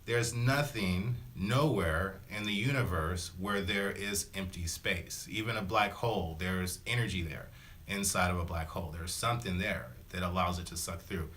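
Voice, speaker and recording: A man's voice: low-pitched, normal speed, fairly bright tone, a little hiss or hum. A man, a spiritual self-help vlogger, talking casually and rambling, with lots of slang fillers and small acted-out voices for his examples. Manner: acts out little voices for examples. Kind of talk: casual motivational talk to camera.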